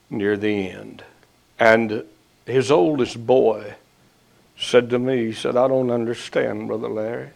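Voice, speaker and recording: A man preaching a sermon, swelling to loud emphatic peaks and then dropping low and slow. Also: vocal fry.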